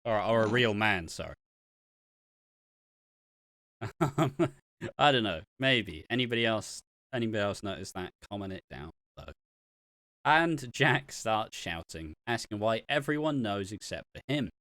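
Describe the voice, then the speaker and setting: A man's voice: on the low side, animated, unhurried, fairly bright tone, dry recording. A man co-hosting a podcast, recapping soap episodes in chatty, casual talk and often laughing. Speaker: podcast co-host.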